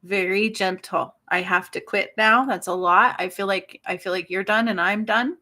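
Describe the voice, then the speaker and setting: A woman in her forties hosting a spiritual healing livestream, talking softly and tenderly, tearful and apologetic. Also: medium pitch, steady tone, normal speed. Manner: soft, tender and tearful, with frequent apologies and laughs. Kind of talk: emotional livestream talk.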